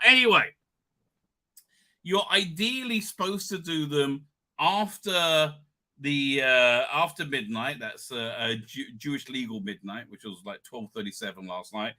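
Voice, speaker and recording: A man's voice: medium pitch, unhurried, pushed and bright. A man, rambling tiredly through a casual livestream, full of asides and restarts. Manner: chatty and digressive, with frequent restarts and "right?" asides. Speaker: livestream host.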